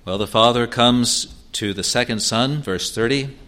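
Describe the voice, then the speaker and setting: A man preaching an expository sermon in an earnest way, asking rhetorical questions and answering them, sometimes halting and restarting. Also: medium pitch, pushed and bright, smooth.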